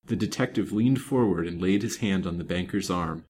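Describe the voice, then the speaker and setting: A man reading a serialized novel aloud in a measured, expressive way. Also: low voice, a little hiss or hum. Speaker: storytime reader.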